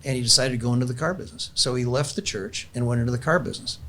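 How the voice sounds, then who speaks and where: An older man telling his faith story in a relaxed, conversational way, circling back and restarting his sentences as he goes. His voice sits at a mid pitch, and a faint hiss runs under the recording. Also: very fast. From California. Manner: earnest storyteller, many restarts. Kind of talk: casual testimony chat.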